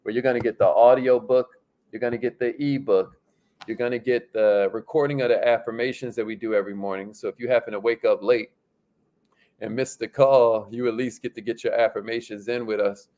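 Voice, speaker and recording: A man's voice: mid-range voice, steady tone, fairly quick, mellow. Upbeat slangy man hosting a livestream. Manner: upbeat, slangy, laughs often. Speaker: livestream host. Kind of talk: casual livestream chat reading viewer comments.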